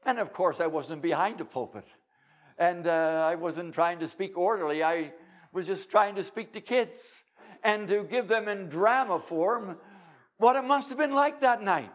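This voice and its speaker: An older man preaching an evangelistic sermon, dramatic and emphatic, with pauses for effect. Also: high-pitched.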